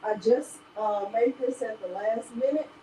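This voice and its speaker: A woman's voice: fairly high pitch, measured pace, dark tone, a little hiss or hum, low-quality recording. A woman hosting a live crafting tutorial, chatting casually and talking straight to her viewers. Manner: chatty, talks straight to viewers as "y'all", laughs often. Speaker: crafting livestream host.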